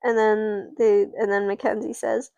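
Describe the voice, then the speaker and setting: A woman's voice: mid-range voice, level tone, measured pace, creaky, dark tone, no room sound, dull audio. A woman casually narrating her doll play, rambling and often stopping herself mid-sentence. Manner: rambling, self-interrupting.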